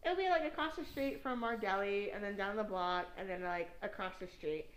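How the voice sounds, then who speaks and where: A woman's voice: mid-range voice, brisk, echoey room, low-quality recording. A young woman from New York, a podcast host chatting casually, rambling and swearing and laughing at her own stories. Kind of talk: casual chat.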